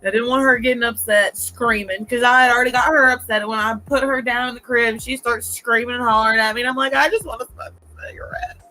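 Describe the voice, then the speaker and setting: A woman co-hosting a casual chat show, telling a family story with animated, shouted quotes. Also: a little high, fast talker, few pauses, soft background music, poor audio. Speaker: podcast co-host.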